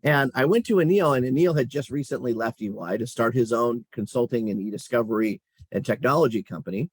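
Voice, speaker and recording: A middle-aged man with a husky, slightly breathy voice talks through his career in an easygoing interview. He tells it as animated stories and chuckles as he goes. The recording is close and dry, with no room sound. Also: medium pitch, a little fast, no room sound. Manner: animated storyteller, chuckles while talking. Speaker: guest, company chief executive. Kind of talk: casual interview conversation.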